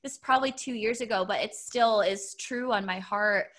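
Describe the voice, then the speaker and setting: Speaking at a moderate pace, this woman has a medium-pitched, slightly bright voice. It's a casual podcast chat in which she rambles through a heartfelt personal story, restarting often and using many fillers.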